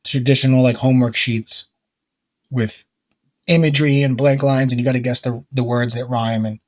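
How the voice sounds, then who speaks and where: A man's voice: mid-range voice, a little mellow, no room sound. A middle-aged man from New York, a guest author, chatting casually and rambling with lots of fillers. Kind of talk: casual conversation.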